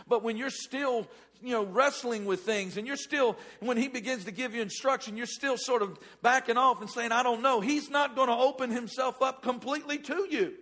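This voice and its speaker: A man preaching a sermon, animated, swinging from loud outbursts to hushed asides. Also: sits high.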